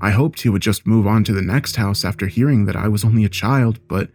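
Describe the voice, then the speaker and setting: A man reading a scary story aloud in a measured, steady storytelling voice. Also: on the low side, soft background music. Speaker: narrator. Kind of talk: scripted horror story narration.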